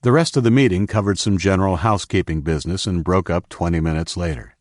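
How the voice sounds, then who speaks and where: A man narrating an audiobook in a steady, measured way. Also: low-pitched, no echo, studio quality.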